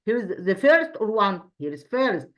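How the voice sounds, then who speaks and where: A woman teaching an English grammar review lesson, pausing often and repeating herself, asking rhetorical questions as she goes. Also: mid-range voice, very animated. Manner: hesitant, frequent fillers and restarts.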